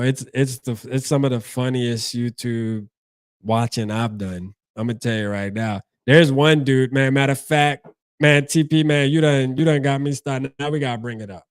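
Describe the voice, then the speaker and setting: A man's voice: mid-range voice, no echo, clean studio sound. A man hosting a casual sports fan stream, talking in a laid-back, slangy way. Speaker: sports channel host.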